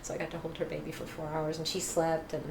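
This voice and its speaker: Middle-aged female guest, animated storyteller, low-ish voice, echoey room recording. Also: fast talker, gravelly. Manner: animated, laughs often, acts out quoted dialogue. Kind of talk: personal storytelling. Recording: echoey room with faint noise.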